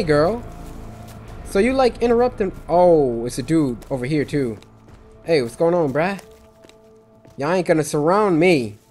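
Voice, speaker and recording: A young man giving loud, excitable commentary while playing a video game, trash-talking enemies with squeals and yells. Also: a little high. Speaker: gaming video creator. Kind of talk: let's play commentary.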